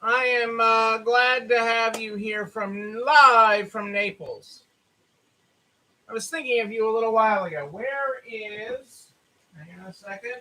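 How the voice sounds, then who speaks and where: On a store live stream, a man with a very high, bright voice chats with viewers, greeting them by name and repeating himself loosely and casually. He sounds tired, and the audio is poor.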